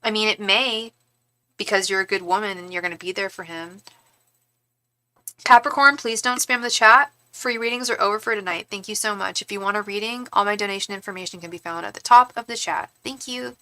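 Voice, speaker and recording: A woman's voice: mid-range voice, brisk, bright, forceful tone, no echo. A woman giving tarot readings to viewers on a live stream, speaking reassuringly and addressing them by name.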